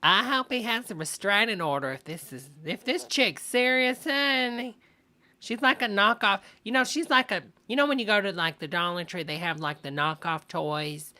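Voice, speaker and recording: A woman hosts a live stream, reacting to online videos with chatty, amused commentary full of asides. Her mid-range voice is bright and forceful, moving at a normal speed.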